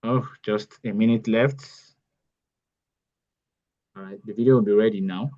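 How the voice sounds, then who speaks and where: A man's voice: lowish voice, steady tone, unhurried, dark tone, highs cut off. A man teaching an online workshop step by step, repeating key phrases as he goes. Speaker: AI bootcamp instructor. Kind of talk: live online tutorial.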